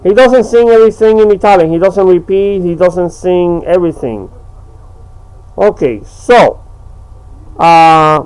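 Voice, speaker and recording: A man with a fairly high voice chatting casually to his camera. He rambles and hesitates, filling gaps with "uh" and drawn-out pauses. He talks slowly and unhurriedly. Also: clear, resonant tone, rough recording. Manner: rambling, hesitant with many fillers. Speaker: home video maker. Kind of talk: casual vlog chat.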